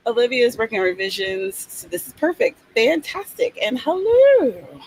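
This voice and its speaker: A woman's voice: a little high, huge pitch swings, normal speed, a little mellow, poor audio. Woman host, casual and playful, reads out chat comments over a faint hiss on a streamed call.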